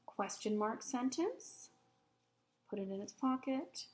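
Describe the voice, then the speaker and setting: A woman with a slightly high voice teaches a recorded grammar lesson for young students. She explains each step patiently and clearly. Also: expressive, takes it slowly, a little hiss or hum.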